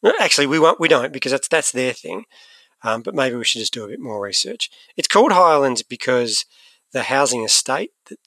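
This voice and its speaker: A man's voice: medium pitch, big pitch swings, brisk, bright, forceful tone, no room sound. A man co-hosting a podcast, chatting casually and animatedly, often restarting his sentences. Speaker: podcast co-host. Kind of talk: casual chat.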